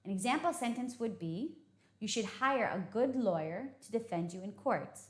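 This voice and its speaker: A woman's voice: a little high, animated, moderate pace. A woman teaching English vocabulary, explaining patiently and often checking in with "okay?". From United States. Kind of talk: vocabulary lesson. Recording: echoey room.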